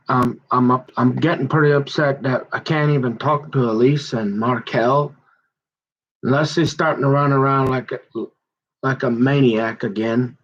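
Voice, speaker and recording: Aggrieved rambling man, muffled lo-fi sound. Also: on the high side. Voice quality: aggrieved, halting, full of restarts and stumbles. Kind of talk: rambling personal monologue. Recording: dull muffled lo-fi recording.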